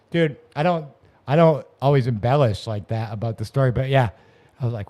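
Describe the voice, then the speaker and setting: A man's voice: medium pitch, animated, fast talker, mellow. A man on a podcast, telling his recovery story in a rambling, profane way, with many restarts. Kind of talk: casual storytelling. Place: podcast room.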